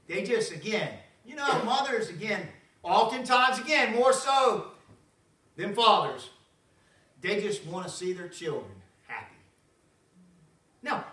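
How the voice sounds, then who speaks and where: A man pastor, preaching a folksy, animated sermon with frequent asides to the congregation. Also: sits high. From Southern United States. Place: church sanctuary. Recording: roomy church sound from a distance.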